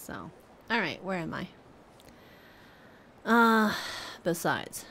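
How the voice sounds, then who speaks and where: A woman's voice: fairly low pitch, very animated, slow pace, vocal fry, pauses often, fairly bright tone, slight background noise. A woman streamer chatting casually with her viewers and cooing at her cat. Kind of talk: casual live-stream chat.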